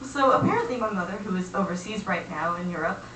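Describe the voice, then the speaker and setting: A young woman telling a comic personal story in a chatty, animated way, acting out quoted voices. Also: on the low side, quick pace, roomy sound, far from the mic, a little hiss or hum, poor audio.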